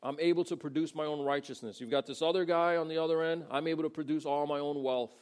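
A man's voice: fairly high pitch, fairly even intonation, fast talker, a little mellow, clear, resonant tone. A man preaching a sermon in a casual, conversational way, acting out the people he quotes. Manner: conversational, acts out quoted voices. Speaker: pastor.

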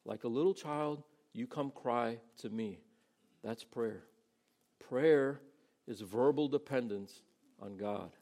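Male pastor, gravelly voice, easygoing sermon delivery with quoted voices. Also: mid-range voice, slow, dark tone. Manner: conversational, acts out quoted voices.

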